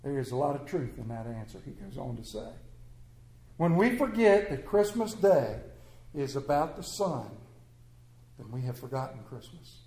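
A man preaching a sermon to a congregation, swinging between loud emphatic phrases and hushed low lines, repeating phrases to build his point. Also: big pitch swings, normal speed. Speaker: pastor. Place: church sanctuary with congregation. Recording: echoey church room.

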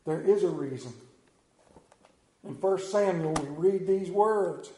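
Male preacher, higher voice, storytelling sermon, roomy echo. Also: takes it slowly, warm tone.

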